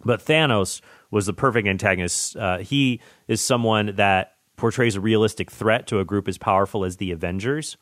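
Guy in his 30s hosting a podcast, lowish voice, super dry sound, excited and rambly. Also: normal speed, dry recording. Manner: enthusiastic, rambling, excited tangents. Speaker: podcast host. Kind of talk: casual movie chat.

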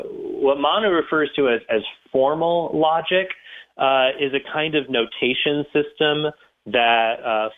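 A man answering listener questions on a live call-in show, earnest and explanatory, with frequent restarts. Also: mid-range voice. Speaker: guest apologist. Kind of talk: casual radio call-in answers. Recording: tinny phone-like line.

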